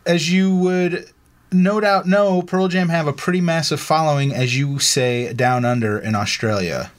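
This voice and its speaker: A man's voice: on the high side, measured pace. A man co-hosting a casual podcast, laid-back and chatty, reading a listener's email aloud with asides and laughs. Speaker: podcast co-host.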